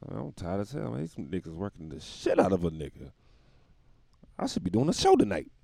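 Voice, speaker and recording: A man's voice: on the low side, wildly swooping pitch, brisk, gravelly, mellow, no echo. A man delivering a rambling, profane comic monologue, often laughing at his own jokes.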